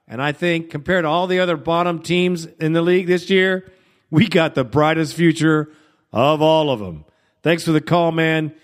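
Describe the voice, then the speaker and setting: A man hosts a fan call-in radio show, cheering on callers and urging them to stay positive. His voice sits a bit high, and he talks with an easy, brotherly manner. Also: moderate pace. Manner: upbeat, addresses callers as brother. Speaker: radio host. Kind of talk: sports talk radio.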